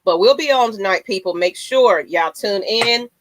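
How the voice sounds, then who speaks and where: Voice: medium pitch, normal speed, fairly bright tone, no room sound. A laid-back host of a casual sports talk show, addressing viewers directly.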